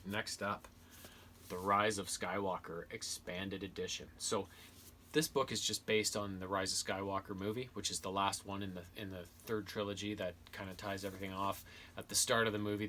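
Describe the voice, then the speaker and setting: Bright-toned rambling man reviewing books. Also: low voice, level tone, brisk, slight background noise. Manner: rambling, many fillers and restarts. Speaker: video host reviewing books and games. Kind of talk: casual spoken review.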